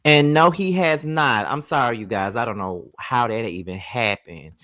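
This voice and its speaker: A man hosting a casual livestream, sleepy and relaxed, talking straight to his viewers. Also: mid-range voice, normal speed, no echo, clean studio sound. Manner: relaxed, chatty, addresses viewers directly. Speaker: livestream host. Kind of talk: casual reaction-stream chat. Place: at home by his bed.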